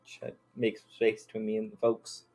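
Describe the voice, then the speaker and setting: झिझकता, भारी आवाज़ वाला आदमी. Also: male voice, on the low side, monotone, fairly quick, darkish tone, soft background music. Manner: hesitant, repeating himself. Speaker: player. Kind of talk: playing a tabletop game.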